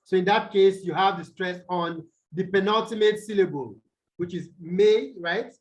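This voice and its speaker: A man tutoring students over a video call, explaining slowly and quizzing them as he goes. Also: high voice. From Nigeria. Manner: slow, deliberate, quizzes students. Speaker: English tutor. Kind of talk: online tutorial lesson.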